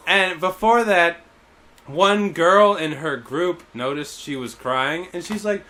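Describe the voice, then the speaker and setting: A man streaming a game and chatting casually, telling a story with animated retellings, putting on other people's voices, and laughing often. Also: high-pitched, a little slow, a little hiss or hum. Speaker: teacher at a camp in Japan. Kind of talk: casual chat while gaming.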